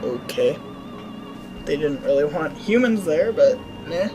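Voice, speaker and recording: Woman, low voice, dry sarcastic game commentary over loud game music. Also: expressive, measured pace, low-quality recording. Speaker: gaming video host.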